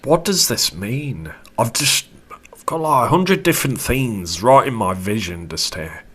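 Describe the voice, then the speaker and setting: A man giving a casual tarot reading to camera, chatty and animated, with casual swearing. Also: mid-range voice, measured pace, husky. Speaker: tarot reader.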